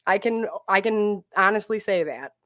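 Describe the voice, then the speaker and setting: An excitable woman chats as a podcast guest and tells animated stories. Her voice sits mid-range and sounds dry and close, with no room echo. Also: mid-range voice, moderate pace. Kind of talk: casual podcast chat.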